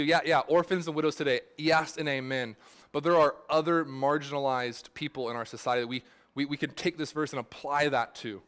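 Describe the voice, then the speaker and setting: A man's voice: medium pitch, fairly bright tone. A man pastor giving a sermon in a casual, rambling way, full of fillers and restarts.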